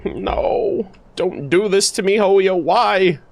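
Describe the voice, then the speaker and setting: A young man streaming his reaction to a game, emotional and exclaiming loudly as the story plays out. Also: sits high, takes it slowly, vocal fry. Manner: emotional, loud exclamations and swearing. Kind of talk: excited gameplay reaction.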